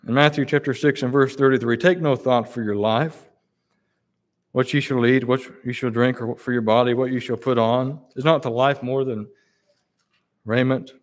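A man preaching a sermon. He reads scripture in King James wording and presses the listeners with slow, emphatic rhetorical questions. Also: mid-range voice, steady tone.

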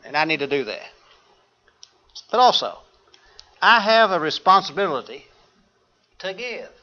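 A man's voice: high-pitched, big pitch swings, unhurried, bright, forceful tone, muffled recording. A man preaching a sermon, quoting scripture and putting questions to the congregation.

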